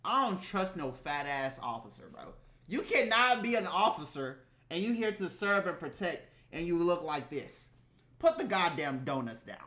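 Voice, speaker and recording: Man, reaction host, very lively voice, bright tone, blunt, roomy echo. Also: a little high, moderate pace. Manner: animated, blunt, exclaiming. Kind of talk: casual reaction commentary.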